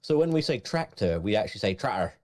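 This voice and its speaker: A man's voice: lowish voice, very animated, fast talker, a little mellow. A man from southwest England, chatting on a podcast in an easygoing, joking way with plenty of fillers. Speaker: podcast co-host. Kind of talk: casual chat.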